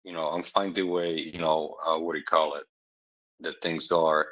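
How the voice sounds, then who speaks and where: A man's voice: rumbling low, little pitch movement, moderate pace, a bit bright. A man in casual chat giving blunt, straight-talking advice and teasing his partner. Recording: dull lo-fi sound.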